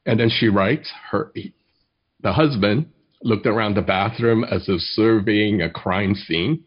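A man preaching a sermon as pastor, telling stories in a measured way and reading poetry slowly. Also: on the low side, husky, muffled recording.

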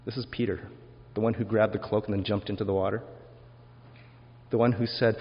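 A man's voice: fairly low pitch, steady tone, a little fast, long pauses, breathy edge. A male pastor preaching a sermon in a reflective, conversational way, asking the congregation rhetorical questions. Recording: dull lo-fi sermon recording with long hall reverb.

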